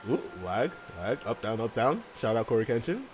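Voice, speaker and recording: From a home room with large windows, a man hosts a let's play, chatting casually, rambling, swearing and laughing a lot. His medium-pitched, darkish voice is animated and brisk over soft background music on a rough recording.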